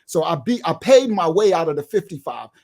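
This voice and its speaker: A middle-aged man telling a street story in an animated way, acting out other people's voices and swinging from loud outbursts to low murmurs. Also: brisk. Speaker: guest telling his life story.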